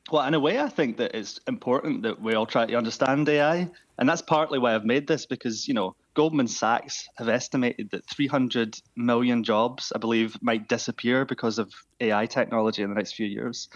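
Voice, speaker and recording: An enthusiastic man talking as a radio guest. He is animated and laughs readily. His voice is mid-pitched, and the sound is dry and close. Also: brisk, few pauses, dry recording, dull audio. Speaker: guest, chatbot creator. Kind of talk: radio interview.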